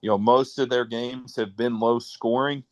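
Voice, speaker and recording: A man who coaches high school football, answering radio interview questions in a halting way with many fillers and restarts. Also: fairly even intonation, no room sound. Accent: American Midwestern.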